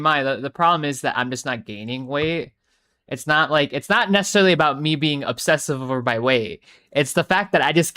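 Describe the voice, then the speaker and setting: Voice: medium pitch, pushed and bright. Tired, rambling, swearing young streamer. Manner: rambling, swears a lot, restarts sentences. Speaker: live streamer reading chat. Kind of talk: casual live-stream chat.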